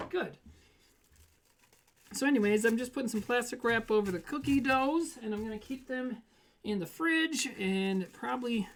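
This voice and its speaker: A man's voice: very high voice, normal speed, fairly bright tone. A man hosting a livestream from his home kitchen, baking cookies and chatting casually with viewers in a rambling, joking way. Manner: rambling, jokey, reads chat aloud and laughs.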